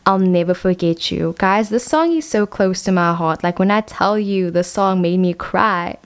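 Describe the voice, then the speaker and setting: Young female tarot reader, smooth and clear voice, casual and frank, chats on freely. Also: mid-range voice, moderate pace. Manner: chatty, filler-heavy, frank. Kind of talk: casual chat, tarot reading.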